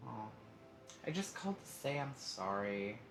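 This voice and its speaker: A man voicing a timid young girl who talks in a hesitant, halting way. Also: medium pitch, big pitch swings, over music. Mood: sheepish. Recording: roomy echo, faint noise.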